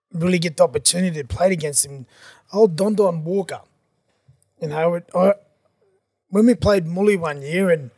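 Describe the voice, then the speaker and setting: High-voiced laid-back man. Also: gravelly, darkish tone, slightly rough, no room sound, studio quality. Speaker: podcast guest, veteran player. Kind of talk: casual chat.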